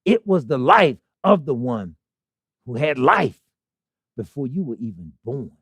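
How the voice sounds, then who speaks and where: A man's voice: mid-range voice, big pitch swings, unhurried, breathy edge, no room sound, studio quality. A man preaching a sermon to a congregation, full of rhetorical questions and call-and-response. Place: congregation hall.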